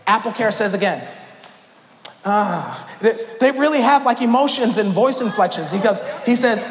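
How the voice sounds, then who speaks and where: High-voiced preacher in an echoey hall. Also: male voice, brisk. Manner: animated, playful, bursts of shouting. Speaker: pastor. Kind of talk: humorous sermon storytelling. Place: church sanctuary. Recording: echoey church hall with background noise.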